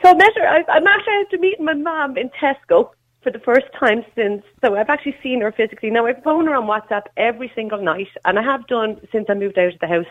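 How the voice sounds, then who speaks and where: A woman's voice: a little high, quick pace. An Irish woman calling in to a radio show, earnest and heartfelt, talking in a rush. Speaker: caller. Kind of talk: phone-in call. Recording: tinny phone line.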